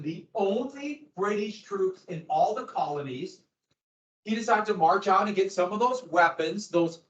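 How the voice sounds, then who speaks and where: Animated male teacher in a roomy classroom. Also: fairly high pitch. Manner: animated, jumps between asides and acted quotes. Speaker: history teacher. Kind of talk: classroom lecture. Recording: roomy, dull lo-fi classroom recording.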